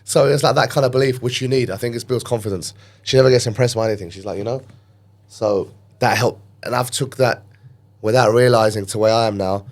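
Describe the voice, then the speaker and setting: Man, London accent, low voice, podcast guest, lively storytelling, acts out quotes. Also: a little fast. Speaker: podcast guest, gym owner. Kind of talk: casual storytelling interview.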